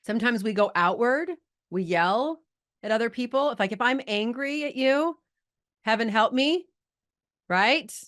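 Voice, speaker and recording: A woman's voice: a little high, unhurried. Chatty woman coaching a live call. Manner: chatty, lively, talks to the chat audience. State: emotional, holding back tears. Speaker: life coach hosting a live group call. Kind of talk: casual coaching talk.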